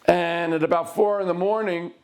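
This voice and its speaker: A middle-aged man with a notably high voice tells the story of a past legal case. He talks in short, deliberate phrases and slows right down to lean on key words. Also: fairly even intonation, clear, resonant tone. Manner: deliberate, broken into short phrases, with slowed emphasis. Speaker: lawyer.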